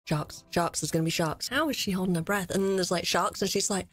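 A woman streamer giving loud, excitable commentary while playing a game, swearing freely. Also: on the low side, a little fast, few pauses, background noise. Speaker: gaming streamer. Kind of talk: live let's-play commentary.

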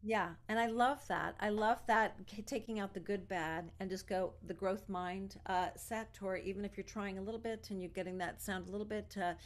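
A woman's voice: mid-range voice, steady tone, moderate pace, few pauses. Affirming woman interview host. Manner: affirming, encouraging. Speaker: host, co-artistic director. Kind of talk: interview conversation.

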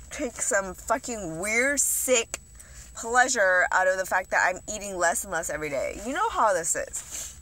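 Medium-pitched, pushed, and bright, a young woman vlogger delivers rambling, profane, confessional eating-vlog talk with heavy use of "like."

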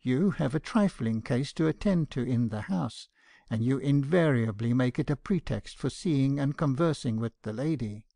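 A man voicing a fussy, earnest elderly doctor in an audiobook, speaking with soft, formal, flustered politeness. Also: medium pitch, lively intonation, normal speed, creaky, no room sound, clean studio sound. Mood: earnest reproof. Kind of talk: audiobook character reading.

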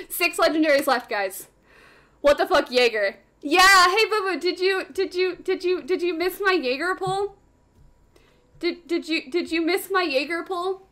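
A young woman streaming a game, squealing with excitement and repeating phrases over and over. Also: sits high, fairly quick. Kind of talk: excited live-stream commentary. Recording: slightly off-sounding stream audio.

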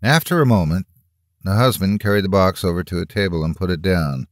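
Man, very low voice, horror story narration, dry close mic, measured dramatic reading. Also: no echo.

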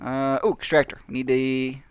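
A man's voice: mid-range voice, little pitch movement, moderate pace, smooth, no echo. A man giving casual, rambling gameplay commentary, mocking himself and laughing often. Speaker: gaming channel host.

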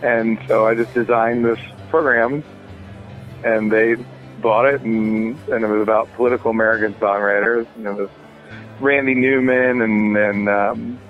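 A man's voice: lowish voice, steady tone, moderate pace. A man talking casually about his music as an interview guest, rambling with many fillers and restarts. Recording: tinny phone line.

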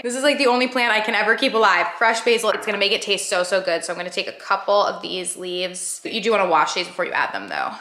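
A woman's voice: mid-range voice, bright, forceful tone, echoey room. A young woman vlogging casually at home, chatty and full of "like" fillers. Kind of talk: casual vlog chat. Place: home, indoors.

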